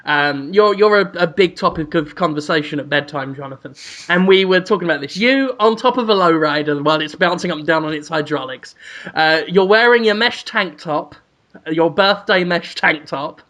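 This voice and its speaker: A man co-hosting a podcast, spinning an absurd comic scenario for his co-host in a deadpan, rambling way with frequent ums. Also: fairly high pitch, moderate pace. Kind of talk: comedic storytelling to a co-host.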